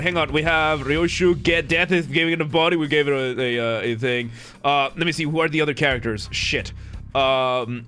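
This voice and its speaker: An excitable man streaming a game, talking slowly with plenty of stops and restarts. His voice is bright and forward, with faint music playing behind him. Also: medium pitch. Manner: excitable, scattered, lots of fillers and restarts. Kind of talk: live game playthrough, reading dialogue aloud.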